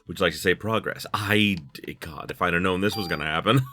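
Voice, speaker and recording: A man's voice: low-pitched, fairly quick, bright, forceful tone. A man in his thirties giving rambling let's play commentary, full of likes and you knows. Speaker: gaming YouTuber.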